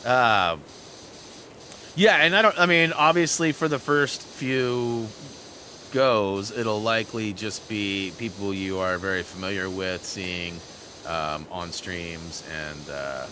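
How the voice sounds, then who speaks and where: This gaming channel host speaks slowly with a fairly low pitch, and a faint hiss or hum runs through the audio. Into his headset mic, he delivers animated, meandering stories over gameplay while reading chat out loud.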